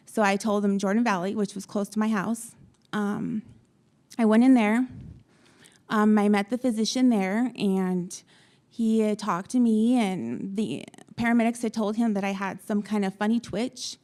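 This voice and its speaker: A young adult woman from Utah, a patient on a panel, telling her story to an audience with frequent pauses and ums. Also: medium pitch, fairly even intonation, a little mellow. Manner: halting, many ums, retells dialogue. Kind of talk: personal story told to an audience.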